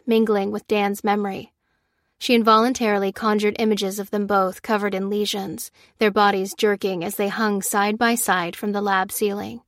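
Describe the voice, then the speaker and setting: Woman audiobook narrator, steady read, mid pitch, dead-dry close mic sound. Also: no room sound.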